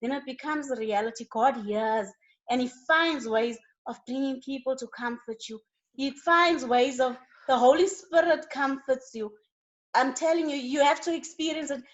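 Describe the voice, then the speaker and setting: Earnest preaching woman, somewhat high voice. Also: moderate pace, muffled recording. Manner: earnest and preaching, with rising bursts of emphasis. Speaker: guest. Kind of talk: faith testimony in a studio interview.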